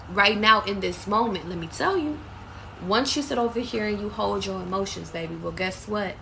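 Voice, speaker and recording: Gravelly, bright-voiced woman tarot reader. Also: medium pitch, moderate pace, slight background noise. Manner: blunt, profane, calls listeners baby. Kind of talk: live tarot reading to viewers. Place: away from home.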